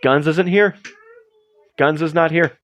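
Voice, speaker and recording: A man's voice: a little high, takes it slowly, fairly bright tone. A man hosting a livestream, chatting casually in a rambling, self-deprecating way. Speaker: livestream host. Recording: dull lo-fi stream audio.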